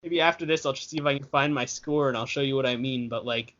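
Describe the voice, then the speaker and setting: A man's voice: medium pitch, fast, a bit bright. A young man co-hosting a casual podcast, chatting in a rambling way and correcting himself as he goes. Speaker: podcast co-host. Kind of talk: casual chat. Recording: dull lo-fi podcast audio.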